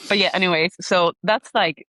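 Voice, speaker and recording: A woman's voice: fairly low pitch, moderate pace, dry recording. Swedish woman telling stories with constant "like". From Sweden. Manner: storytelling, animated, heavy use of "like", laughs often. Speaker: podcast guest. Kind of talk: casual chat. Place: remote call.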